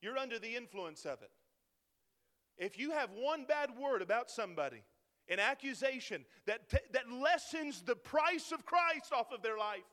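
A male preacher with a strikingly high voice delivers a fervent sermon. He climbs into loud, urgent peaks and then sinks to quiet, intimate lows. His voice rings out with a long echo in a large church hall. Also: lively intonation, moderate pace. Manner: impassioned, rising to near-shouting peaks then dropping low.

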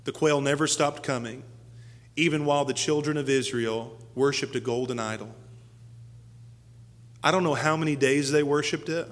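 A man giving a sermon as a pastor, his voice climbing to high, loud peaks and then dropping low and quiet, acting out the quoted speech of the story's characters. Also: moderate pace, long pauses, in a large hall.

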